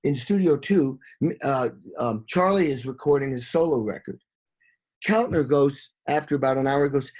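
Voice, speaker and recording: A middle-aged man, a session drummer, telling animated stories in an interview, swearing freely and scatting drum beats. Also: mid-range voice, normal speed.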